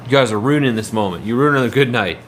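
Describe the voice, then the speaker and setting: A man's voice: mid-range voice, fast, fairly bright tone, slight background noise. A man livestreaming, chatting casually in a rambling way and answering his viewers' messages.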